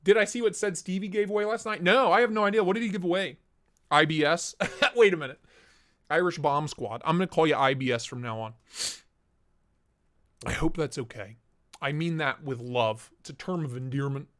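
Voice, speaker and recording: A man's voice: on the high side, fairly quick, fairly bright tone. Man talking through a voice changer. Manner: casual, chatty, reads out chat and laughs. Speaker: live stream host. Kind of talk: casual live stream chat.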